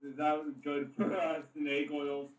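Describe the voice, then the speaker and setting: A man's voice: a little high, flat delivery, slow. Man, casual player chat, rambling, roomy room sound, mic at a distance. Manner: laughing, rambling. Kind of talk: casual chat among friends.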